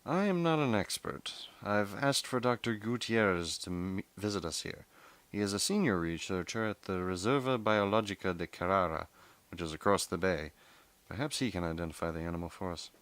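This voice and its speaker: A man's voice: sits low, moderate pace, a bit bright, no echo. A man doing a formal, precise doctor. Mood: calm. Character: calm, formal Costa Rican male doctor.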